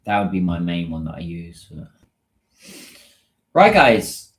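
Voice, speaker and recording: Deep-voiced British man chatting on a livestream. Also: very animated, slow pace, echoey room. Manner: chatty, answers viewer comments. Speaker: livestream host. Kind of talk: casual livestream chat.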